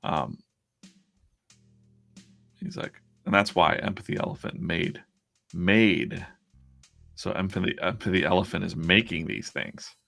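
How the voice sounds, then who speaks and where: Deep, gravelly-voiced man chatting on a stream. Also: a little slow, pauses often, a bit bright, faint music behind. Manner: rambling, chatty, with many restarts. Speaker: comic artist and stream host. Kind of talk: casual live-stream chat.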